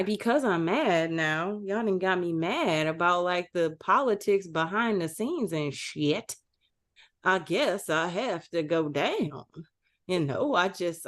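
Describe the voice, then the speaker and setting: A woman co-hosting a podcast, talking in an animated, candid way and swearing casually. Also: fairly low pitch. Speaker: podcast co-host. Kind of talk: casual chat.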